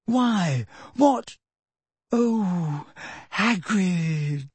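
A man voicing a frightened, clever teenage girl who speaks in a shrill, agitated way in an audiobook. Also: expressive, extremely slow, darkish tone, breathy edge, no echo, full character voice. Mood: alarmed. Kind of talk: audiobook character voice.

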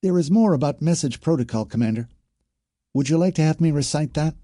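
A man's voice: fairly high pitch, expressive, fairly quick, warm tone, no room sound, clean studio sound, voice pushed up, lightly acted. A man voicing a female alien troop signaler who recites her training drill in a formal, parroting way. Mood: polite.

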